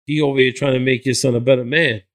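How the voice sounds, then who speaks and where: A man's voice: medium pitch, steady tone, quick pace, a bit bright. Earnest, motivational man from New Jersey. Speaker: guest, hip hop artist. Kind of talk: casual interview chat.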